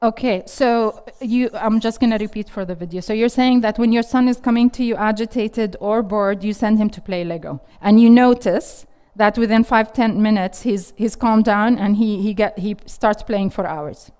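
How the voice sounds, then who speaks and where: A woman's voice: medium pitch, moderate pace, few pauses, warm tone, clear, resonant tone. A middle-aged woman teaching a parenting workshop, restating audience questions and encouraging them. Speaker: parenting instructor. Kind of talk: interactive parenting workshop talk. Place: classroom with a live audience.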